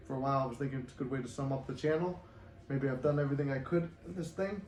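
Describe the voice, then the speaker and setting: A man's voice: medium pitch, steady tone, fast talker, a little mellow. A man vlogging in his apartment, rambling loosely and swearing as he encourages his viewers. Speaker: manifestation vlogger. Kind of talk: casual motivational talk to camera. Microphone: no good microphone, voice muffled. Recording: echoey room with faint noise and muffled sound.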